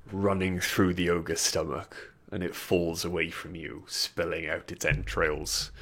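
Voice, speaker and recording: A man's voice: sits low, a bit bright. A man running a tabletop game as game master, narrating combat and giving rulings with frequent fillers. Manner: measured, hesitant with fillers between rulings.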